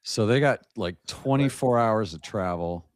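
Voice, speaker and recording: Podcast guest: man, lowish voice, joking storyteller, dry mic. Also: lively intonation, unhurried, no echo. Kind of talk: casual podcast chat.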